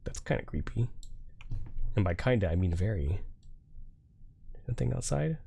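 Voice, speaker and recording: A man's voice: on the low side, animated, moderate pace, vocal fry, warm tone, a little hiss or hum. Guy streaming a horror game, swears a lot, jokey, voice jumps all over. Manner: profane, joking, jumpy reactions. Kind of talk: casual gameplay commentary.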